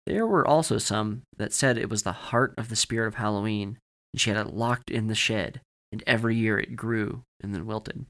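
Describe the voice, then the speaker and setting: A man with a low voice reads a scripted horror story for a podcast. His narration is measured and steady, moving evenly through the scene.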